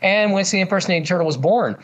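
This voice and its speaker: A man's voice: sits high, racing, fairly bright tone. A man who works as a ventriloquist, chatting eagerly in an interview and telling stories with lots of fillers. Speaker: ventriloquist guest. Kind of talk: casual interview chat.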